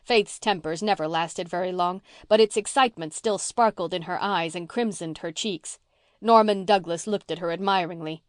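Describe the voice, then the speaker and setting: A woman reading a classic novel aloud as an audiobook narrator, in an even storytelling delivery. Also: lowish voice, moderate pace, clear, resonant tone, dry recording, studio quality. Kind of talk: scripted narration.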